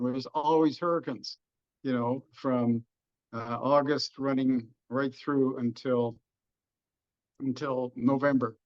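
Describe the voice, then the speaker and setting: A middle-aged economist with a Texan accent talks through markets in a folksy, joking manner, at an ordinary pitch. The sound is dull and lo-fi, like a webinar call. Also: male voice, steady tone, measured pace. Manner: folksy, jokey explanations. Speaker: economist guest. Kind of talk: webinar discussion.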